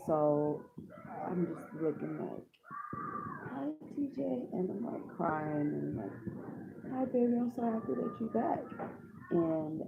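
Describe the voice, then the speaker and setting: A woman with a low, gravelly voice tells a painful personal story with raw, tearful emotion. Her pitch swings widely as she acts out what she said. The audio is tinny and phone-like, with noise in the background. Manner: raw, tearful retelling, acting out her own words. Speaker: mother telling a personal story.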